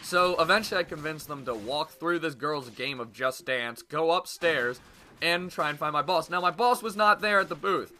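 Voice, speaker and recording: A man's voice: fairly high pitch, normal speed, a little hiss or hum. A young man casually telling a story to his viewers in a vlog, swearing freely and acting out what others said. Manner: animated, profane, acts out quoted voices. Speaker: YouTube vlogger.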